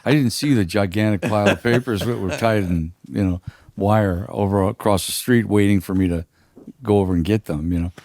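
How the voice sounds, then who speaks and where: An older man with a husky voice, telling a rambling, halting story full of fillers as a podcast guest. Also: on the low side, a little mellow. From United States. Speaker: guest musician. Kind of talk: casual storytelling.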